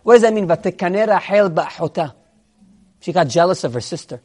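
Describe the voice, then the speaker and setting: A man's voice: high voice, brisk. A man giving a sermon, asking rhetorical questions and mixing Hebrew phrases into his English. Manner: lively, swinging between soft and emphatic. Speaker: rabbi giving a Torah class.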